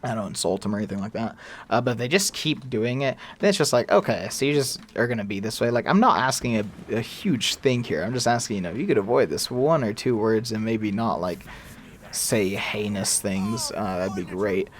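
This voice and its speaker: A man's voice: fairly low pitch, expressive, fairly quick, slight background noise. A young man in casual let's-play commentary, chatty and rambling with fillers and laughs. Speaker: gaming YouTuber.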